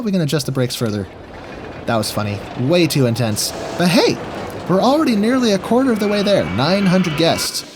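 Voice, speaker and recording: A man's voice: high voice, a little hiss or hum. A man giving goofy, jokey gameplay commentary while talking to himself as he plays. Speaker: gaming video host.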